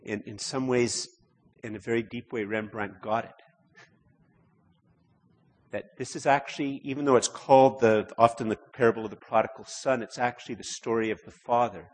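In a church, a man preaches a sermon at medium pitch and normal speed, his intonation fairly even. He speaks conversationally, often repeating words and rising into emphatic stretches, with a long hall reverb on the recording.

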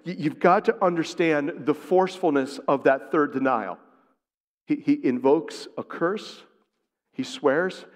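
A man preaches a sermon in a fairly high voice and acts out the lines he quotes with big swings in pitch and volume. His voice carries a long reverb, as in a large hall. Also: measured pace.

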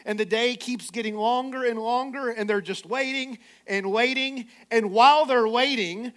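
A man preaching a sermon, animated and playful, with sarcastic asides as he retells a story. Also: sits high. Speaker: pastor.

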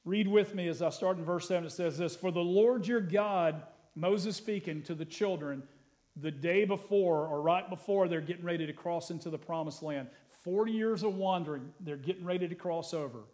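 A man, a pastor, preaching a sermon, reading scripture aloud with rising emphasis and praying in a softer voice. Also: a little fast. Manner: prays in a soft, lowered voice.

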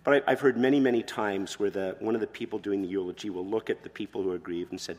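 A man preaching a sermon as pastor, expressive, moving between quiet, soft passages and loud emphatic ones. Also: lowish voice, quick pace, few pauses, big-room sound.

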